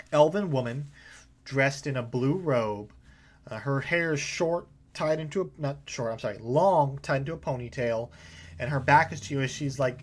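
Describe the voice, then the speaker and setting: A man narrating a tabletop game as game master, casual and rambling with many fillers. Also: mid-range voice.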